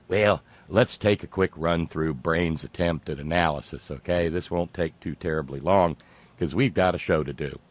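A man's voice: low voice, normal speed, no echo. A male talk show host who uses carnival-barker patter and mocking asides. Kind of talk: sarcastic talk show monologue.

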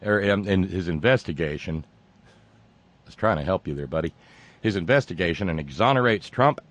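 A man's voice: sits low, animated, moderate pace, fairly bright tone. A male talk show host who uses carnival-barker patter and mocking asides. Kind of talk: sarcastic talk show monologue.

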